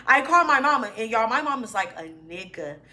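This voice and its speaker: A woman's voice: a little high, big pitch swings, brisk, sharp tone. Chatty woman vlogger. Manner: chatty, addresses viewers as y'all. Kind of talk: storytime vlog.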